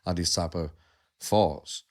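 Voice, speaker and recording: A man's voice: sits low, fairly even intonation, slow pace, darkish tone. A man, a coach co-hosting a podcast in casual chat, blunt and sweary, often repeating himself as he talks.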